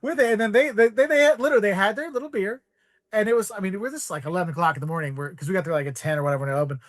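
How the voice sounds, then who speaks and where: Rapid-fire delivery in a voice that sits high marks this podcast guest, a man in his forties rambling through casual travel tales and acting out voices in quotes. The sound is dry and studio quality.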